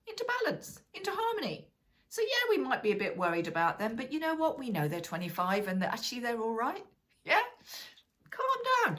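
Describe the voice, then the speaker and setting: A middle-aged woman, teaching a wellness lesson in a chatty, animated way and often checking in with listeners. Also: lowish voice. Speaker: wellness coach. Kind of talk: casual teaching talk.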